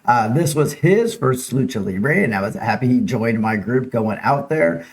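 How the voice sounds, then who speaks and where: A man hosting a live local news stream in an easygoing, upbeat way. He talks at an ordinary middle pitch. He greets viewers by name and chats between stories. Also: animated, moderate pace. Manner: chatty, upbeat, reads viewer names and slides aloud. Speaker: host of a local news show.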